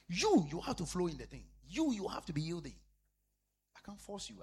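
A man preaching a sermon as a pastor, repeating phrases emphatically and swinging between loud declarations and hushed asides. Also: high-pitched, big pitch swings, normal speed, slightly rough.

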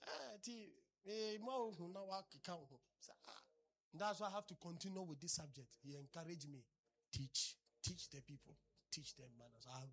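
This male preacher gives a lively sermon that swings between loud exclamations and quiet low asides. His voice is fairly high with a husky quality.

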